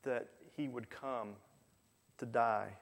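A man's voice: medium pitch, fairly even intonation, takes it slowly. Preacher man in a reverberant hall. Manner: storytelling, acting out quoted figures with rising voice. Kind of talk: sermon.

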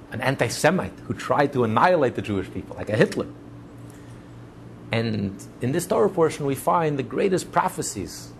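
A man's voice: medium pitch, creaky, slight background noise. A man preaching as a rabbi in an impassioned sermon, piling up repeated phrases for emphasis. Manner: repetitive, building emphatic lists.

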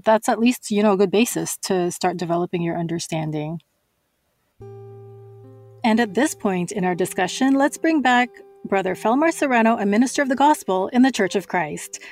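Female talk show host, mid voice, calm and affirming. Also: mid-range voice, moderate pace, faint music behind.

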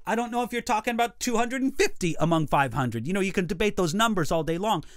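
Animated, high-voiced pastor teaching. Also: male voice, no room sound, studio quality. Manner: measured, emphatic teaching with repeated phrases. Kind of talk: teaching a livestream Bible talk.

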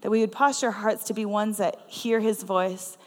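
A woman's voice: mid-range voice, steady tone, moderate pace, darkish tone. Woman preaching in a reverberant church hall. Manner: conversational and earnest, with frequent laughs. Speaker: guest preacher. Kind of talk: storytelling sermon. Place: church sanctuary.

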